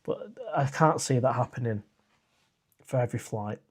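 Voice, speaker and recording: This is a man, sitting in on his own casual live stream and answering viewer comments. His voice sits at an everyday middle pitch. He talks in a loose, rambling way, stopping often to restart a thought or fill a gap with "uh.". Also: normal speed, husky. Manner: chatty and rambling, with frequent "uh" and restarts.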